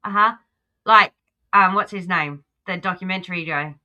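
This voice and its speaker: Australian woman, reaction streamer; lowish voice with a very bright, forceful edge; chatty. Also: normal speed, highs cut off. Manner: chatty, talks back at the clip. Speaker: livestream host. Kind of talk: casual reaction commentary.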